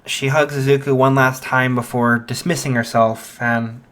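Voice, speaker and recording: A man narrating an improvised fan story, halting and full of fillers. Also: medium pitch, fairly even intonation, fairly bright tone. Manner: halting, many fillers and restarts.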